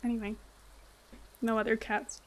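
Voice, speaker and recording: A woman's voice: fairly high pitch, flat delivery, moderate pace, a little hiss or hum. A woman streaming a game, chatting casually with her viewers and laughing often. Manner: giggly, chatty, answering chat. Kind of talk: casual gameplay chat.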